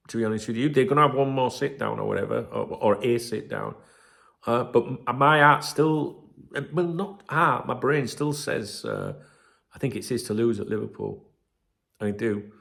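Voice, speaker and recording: A man's voice: mid-range voice, creaky. A man hosting a football fan channel, talking in a rambling, casual way with plenty of swearing and fillers. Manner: rambling, swears freely, many fillers and asides. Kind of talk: casual solo commentary.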